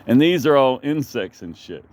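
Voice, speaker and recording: In a casual backyard vlog, a man tells a rambling, profane story, skipping from one idea to the next. His medium-pitched voice is animated and darkish, at a moderate pace.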